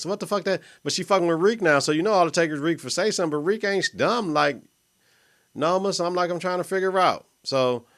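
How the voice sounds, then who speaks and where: Profane animated man recapping a TV episode. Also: fairly high pitch. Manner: profane, animated, laughs often, acts out characters' lines. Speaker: podcast host. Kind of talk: casual episode recap and reaction.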